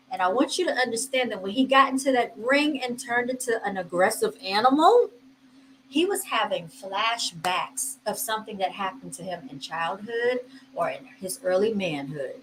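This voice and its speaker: This woman's medium-pitched voice is a bit bright, recorded roughly with slight background noise. As a host commenting on video clips in a casual vlog, she's chatty and laughing a lot, addressing her viewers directly as y'all.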